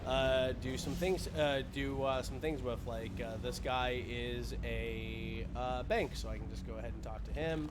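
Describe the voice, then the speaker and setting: A man's voice: mid-range voice, measured pace, few pauses, background noise. A young man streaming a game, explaining it in playful casual chat with silly sound words, game music behind.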